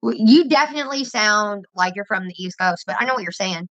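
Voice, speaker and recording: A woman's voice: mid-range voice, animated, brisk, dry recording, rough recording. A woman chatting casually and rambling, laughing and swearing as she talks. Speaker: streamer chatting with viewers. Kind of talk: casual livestream chat.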